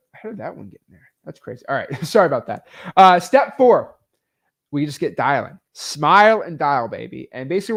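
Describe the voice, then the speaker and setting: Guy, kinda high voice, coaching on real estate, lots of likes and ums, hyped. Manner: energetic and emphatic, full of "like" and "um". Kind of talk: casual teaching talk.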